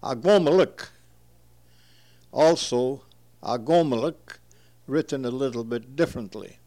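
A man's voice: mid-range voice, measured pace, dark tone. A man reading aloud from his own translation of a word list, reading each entry, repeating words carefully and explaining them.

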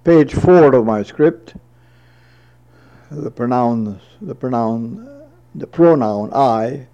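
A man reads a word list at an unhurried, deliberate pace, giving each entry and then its meaning. His voice is mellow and dark. The recording sounds dull and lo-fi. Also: mid-range voice. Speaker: language teacher reading a word list. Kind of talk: slow dictionary reading with translations.

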